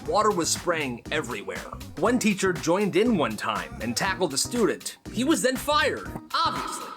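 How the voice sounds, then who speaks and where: A man's voice: a little high, wildly swooping pitch, normal speed. A man narrating school stories with dramatic flair and wry asides. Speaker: storyteller. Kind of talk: storytelling narration. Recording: music clearly behind voice.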